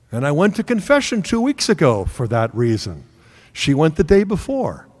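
Earnest man giving a talk in a hall. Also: high-pitched. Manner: earnest storytelling, acts out family dialogue. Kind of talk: sermon-style talk with personal story. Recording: long hall reverb.

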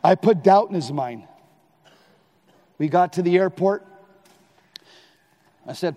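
Catholic guy preaching live, high voice, punchy and loud at times, echoey hall. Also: slow pace, long pauses. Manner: animated, emphatic, at times shouting. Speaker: Catholic lay speaker.

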